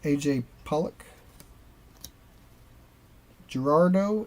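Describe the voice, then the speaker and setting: A man's voice: medium pitch, unhurried, darkish tone. A man co-hosting a card-opening show, chatting casually and reading player names aloud as he pulls cards. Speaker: co-host opening baseball cards.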